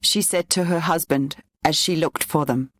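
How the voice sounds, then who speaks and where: A woman reads a children's storybook aloud in a clear, even narrating voice. Her voice sits on the low side, and the recording is dry and close. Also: moderate pace, no room sound.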